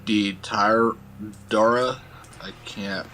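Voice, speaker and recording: A man's voice: on the low side, steady tone, drawn-out words, a bit bright, a little hiss or hum, poor audio. A man with a Mexican accent, a guest in a casual chat, stumbling over hard names as he reads history facts.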